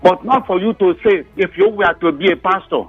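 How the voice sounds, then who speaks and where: A man's voice: sits high, a little fast, husky, no echo, faint music behind. A Nigerian man calling in to a radio show, earnestly complaining. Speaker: caller. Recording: dull lo-fi phone line.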